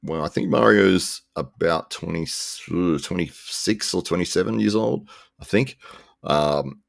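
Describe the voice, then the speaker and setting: Man, very deep, gravelly, relaxed live-stream host, rambling chat. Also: a little slow, no room sound. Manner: relaxed, rambling, chuckles often.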